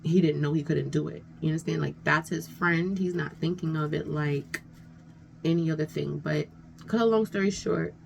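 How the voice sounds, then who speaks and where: Gravelly woman rambling through a storytime. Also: deep voice, normal speed, low-quality recording. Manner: rambling, conversational, frequent "you know what I'm saying". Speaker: vlogger telling a story. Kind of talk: casual storytime chat. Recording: faint background noise.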